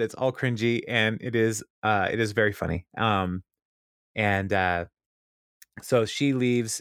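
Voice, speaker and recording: A man's voice: lowish voice, fairly bright tone, no room sound, clean studio sound. A man casually recapping a TV episode, rambling with lots of fillers and chuckles.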